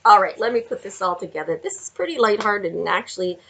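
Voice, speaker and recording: A woman giving a chatty tarot card reading, laughing often and talking to viewers in animated asides. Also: medium pitch, quick pace, a little hiss or hum, poor audio. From Canada. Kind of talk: casual tarot reading vlog. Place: home with window view.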